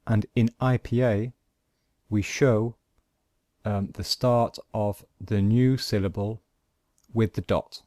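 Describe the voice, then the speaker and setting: Male pronunciation teacher, low voice, dry close recording, patient tutorial delivery. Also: fairly even intonation, warm tone, dry recording. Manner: patient, models sounds and words slowly. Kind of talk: slow, deliberate lesson explaining phonetic symbols.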